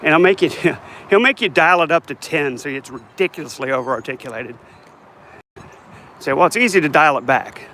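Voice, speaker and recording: Out on a city street, an older man holding his phone rambles through a casual walking vlog, joking about himself. His slightly high voice is animated, pushed and bright at a normal speed, and a little hiss or hum comes through.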